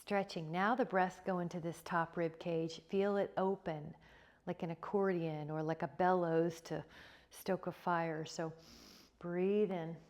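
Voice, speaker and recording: A woman teaching a yoga class, giving calm, encouraging cues with repeated prompts to breathe. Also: fairly low pitch, a little slow. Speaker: yoga instructor. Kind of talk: guided yoga class instruction.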